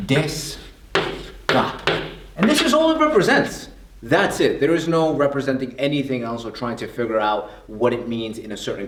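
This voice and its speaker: A man's voice: a little high, slight background noise. A man from the United States explaining basic grammar in a casual classroom way, asking rhetorical questions and repeating himself. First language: English. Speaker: language teacher. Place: room with a whiteboard. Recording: echoey room.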